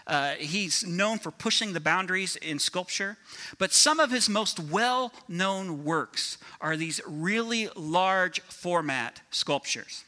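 A man's voice: high voice, slow pace. A man preaching a sermon with energy, often asking the congregation for agreement. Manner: energetic, asks the crowd for agreement. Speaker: pastor.

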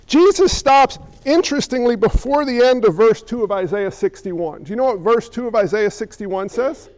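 A man preaching a sermon, animated and firing rhetorical questions at his listeners. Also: very high voice, moderate pace, in a large hall.

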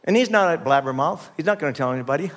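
A man preaching in a church, his voice sitting a little higher than most men's. He talks loosely and conversationally, stumbling over restarts and asking the room for an amen. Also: animated, racing, fairly bright tone. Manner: conversational preaching with many restarts, calls to the congregation. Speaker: pastor. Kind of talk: sermon.

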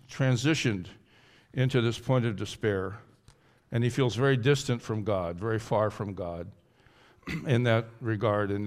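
A man preaching a sermon, going from loud and high to quiet and low, and acting out pleading in the first person. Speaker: pastor.

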